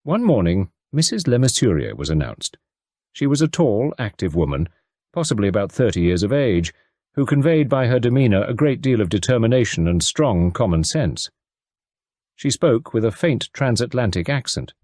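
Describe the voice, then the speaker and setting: Lively low-voiced male audiobook narrator. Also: no echo, clean studio sound. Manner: measured, expressive storytelling. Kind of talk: scripted narration.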